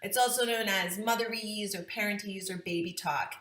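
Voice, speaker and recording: A woman's voice: mid-range voice, steady tone, normal speed, fairly bright tone. A woman in her thirties explaining to parents how babies learn language, in a friendly teaching manner. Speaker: parenting educator. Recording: echoey room.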